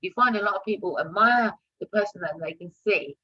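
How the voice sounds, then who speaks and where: Husky-voiced woman hosting a live chat. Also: mid-range voice, brisk, dull audio. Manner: animated, rising loud when stressing points. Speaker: host of a live talk show. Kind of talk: casual live-stream chat.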